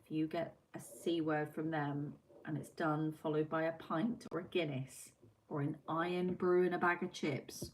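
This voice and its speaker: A woman's voice: sits low, little pitch movement, normal speed, slight background noise, low-quality recording. A woman hosting a casual livestream, chatting and reading out viewer comments, swearing now and then. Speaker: livestream host. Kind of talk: casual live-stream chat.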